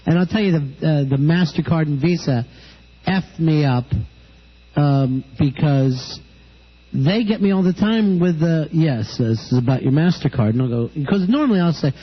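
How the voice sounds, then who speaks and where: A man's voice: on the high side, lively intonation, measured pace, slightly rough. A man hosting a radio show, telling wry stories in casual banter and acting out the people he talks about. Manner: wry storytelling, acts out callers. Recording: dull lo-fi radio broadcast.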